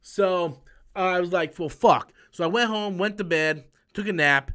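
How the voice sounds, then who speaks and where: A young man with a high voice tells a long personal story straight to the camera. He rambles, swears freely and trips over his own restarts, like a casual vlog rant. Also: normal speed, pushed and bright, smooth. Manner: profane, rambling, with frequent restarts. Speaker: YouTube channel host.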